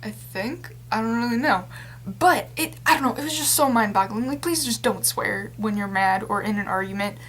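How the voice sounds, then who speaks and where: A woman's voice: on the high side, moderate pace, fairly bright tone, slight background noise. A young adult woman talking straight to camera in a casual vlog rant, rambling and exasperated, with lots of fillers. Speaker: vlogger.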